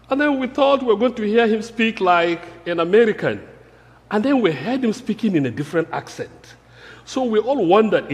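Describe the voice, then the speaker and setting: Earnest preacher from Africa, high voice, sermon in a reverberant church. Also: male voice. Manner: earnest, emphatic, repeating key phrases.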